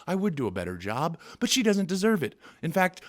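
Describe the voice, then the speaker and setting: A man's voice: a little high, huge pitch swings, fairly quick. A man doing an angry, profane, sarcastic comedy rant as a vlogger.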